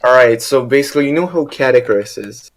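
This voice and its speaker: A man's voice: mid-range voice, animated, a little fast. A man co-hosting a podcast in crude casual chat, rambling with many restarts. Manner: rambling, full of fillers and restarts. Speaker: podcast co-host.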